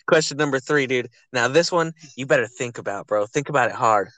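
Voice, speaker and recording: A man's voice: mid-range voice, expressive, a little fast, fairly bright tone, no echo, rough recording. A young man co-hosting a podcast, chatting casually with lots of swearing, laughter and "dude". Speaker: podcast co-host.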